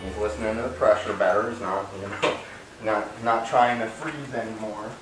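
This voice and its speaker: A man dog trainer explaining calmly to viewers while working a dog, breaking off into sharp high praise calls. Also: normal speed. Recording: roomy distant camera audio with music.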